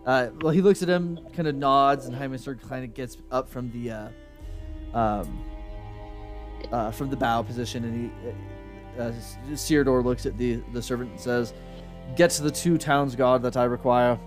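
A man's voice: mid-range voice, steady tone, moderate pace. A man running a tabletop game as game master, narrating in a casual, rambling way with many fillers. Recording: background music playing.

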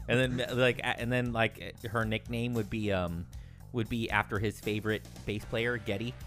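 A man's voice: fairly low pitch, fairly even intonation, measured pace, fairly bright tone. A man co-hosting a music show, bantering in a playful, goofy way. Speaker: co-host. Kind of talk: casual chat.

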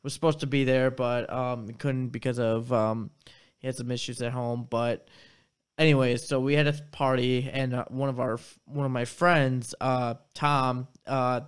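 Brief: man on the podcast crew, smooth, clear voice, rambling, hesitant storytelling. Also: medium pitch, little pitch movement, moderate pace. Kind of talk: casual podcast banter. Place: studio.

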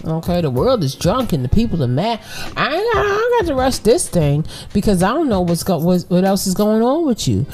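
A woman from New York hosting a podcast, giving animated, preachy relationship advice in casual slang straight to her listeners. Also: mid-range voice, a little fast, soft background music. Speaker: podcast host.

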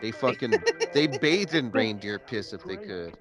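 A laid-back man with a slightly low voice rambles crudely through movie banter. The film's music plays clearly behind him. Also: expressive, a little slow. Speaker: podcast co-host riffing on a movie. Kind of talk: casual joking chat.

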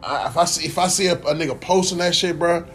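A young man ranting casually to camera as a vlogger, animated, profane and rambling. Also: fairly high pitch, fast talker, a little hiss or hum.

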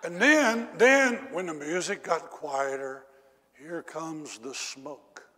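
A middle-aged male preacher telling a story in a sermon, swinging from loud exclamations down to low confiding tones. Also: slow. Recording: echoey hall reverb.

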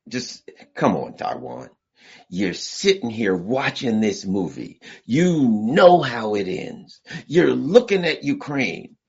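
Blunt guy ranting with big swings in his voice, kinda husky, dull lo-fi sound. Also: mid-range voice, a bit bright. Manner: blunt, storytelling, acts out voices. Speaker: political commentator. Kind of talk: animated commentary with comic analogies. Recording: dull lo-fi recording.

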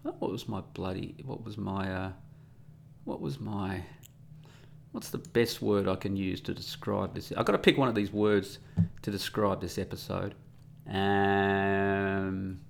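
A man with a low, gravelly voice rambles through a solo podcast monologue. He is sarcastic and mocking, and often drops into a muttering aside. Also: a little hiss or hum. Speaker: podcast host.

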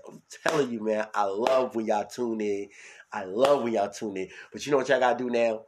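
Deep-voiced new york guy running his own podcast, loud and hyped one sec, mumbling the next. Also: a little fast. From New York City. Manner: loud, hyped, swings between shouting and mumbling. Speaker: podcast host. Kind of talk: solo podcast monologue.

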